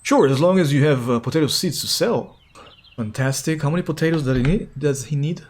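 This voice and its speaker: A man's voice: on the high side, a little fast, a little mellow, slight background noise. A man streaming a game, talking casually and playfully as he reacts to what happens. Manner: chatty and playful, reacting aloud as he plays. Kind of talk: casual gameplay commentary.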